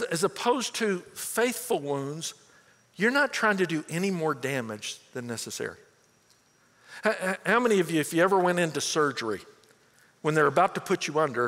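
A man preaching a sermon in an earnest, searching way, tripping over and repeating words as he builds a point. His voice sits a little high for a man, and it rings out with a long reverb through a large church hall. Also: a bit bright. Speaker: pastor.

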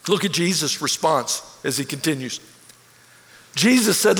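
A pastor delivers a sermon in a high, bright-edged voice. He preaches with animated energy that climbs toward near shouts. His voice rings out with the long reverb of a large sanctuary. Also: fast talker, gravelly.

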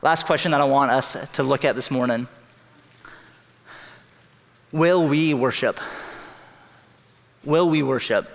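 A man preaching a sermon as pastor, earnest and emphatic, speeding up in bursts and slowing on key lines. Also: mid-range voice, gravelly. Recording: long hall reverb.

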